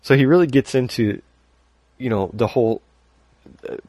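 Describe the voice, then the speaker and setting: A man's voice: mid-range voice, normal speed, warm tone, no room sound. A man hosting a podcast, talking casually and rambling a little, laughing often as he reads listener email. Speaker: podcast host.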